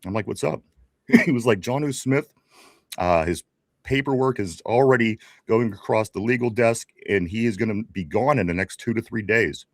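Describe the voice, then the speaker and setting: A man in his forties with a Pittsburgh accent co-hosts a casual sports talk podcast, rambling, repeating his greetings, and laughing often. His voice is lowish and moderately paced, recorded dry with studio quality.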